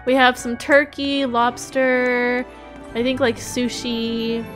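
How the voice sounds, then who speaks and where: Giggly high-pitched woman. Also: slow, music in the background. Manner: giggly, excitable, with squealing high laughs and shouts. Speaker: roleplay host playing the mother. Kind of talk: playing a family roleplay game.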